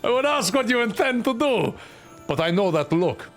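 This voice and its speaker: A man's voice: very high-pitched, big pitch swings, normal speed, music in the background, pitched above the performer's own voice, full character voice. A man voicing a sweet, grateful old woman in a game, pleading theatrically.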